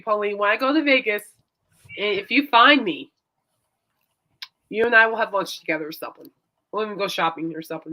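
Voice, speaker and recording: A woman's voice: fairly high pitch, sharp tone. A woman hosting a casual chat show, rambling and laughing often. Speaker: host.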